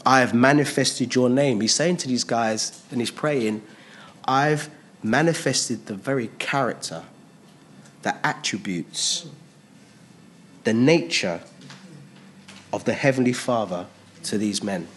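A man's voice: medium pitch, takes it slowly, long pauses, a bit bright, slight background noise. A man preaching a sermon in a conversational way, stressing points by repeating phrases.

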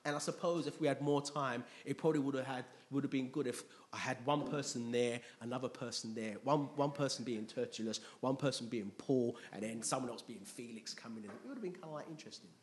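A man preaching to his congregation in a relaxed, chatty way, his voice sitting at an ordinary middle pitch. He keeps turning to the room with little questions as he reads scripture and explains it. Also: fast, few pauses. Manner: chatty, checks in with congregation often. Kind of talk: conversational sermon with Bible reading. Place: church.

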